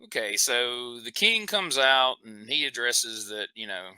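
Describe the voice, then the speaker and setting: Bright-voiced Southern man hosting a podcast. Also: mid-range voice, lively intonation, measured pace, smooth, no echo, rough recording. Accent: Southern American. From American South. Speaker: podcast host. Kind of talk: casual podcast chat.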